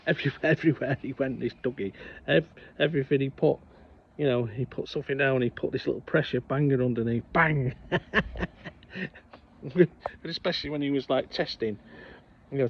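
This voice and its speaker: A man's voice: medium pitch, slight background noise. Chatty man telling stories, lo-fi outdoors. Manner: chatty, laughs at his own stories. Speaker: vlog co-host. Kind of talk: casual storytelling vlog. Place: outdoors on a hot sunny day. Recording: slightly dull lo-fi sound with faint background ambience.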